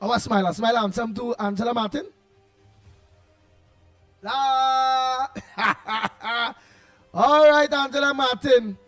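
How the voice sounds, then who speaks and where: High, husky Trinidadian man bantering. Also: steady tone, fast, hardly any pauses, no room sound, soft background music. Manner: loud, playful banter. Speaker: host greeting live viewers. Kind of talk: casual live-stream chat.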